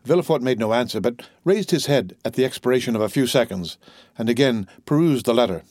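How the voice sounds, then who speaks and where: A man narrating an audiobook with a steady, even reading. His voice sits in a middle range for a man. The sound is close and dry, with no room around it. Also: mid-range voice, brisk, no echo. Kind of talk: scripted narration.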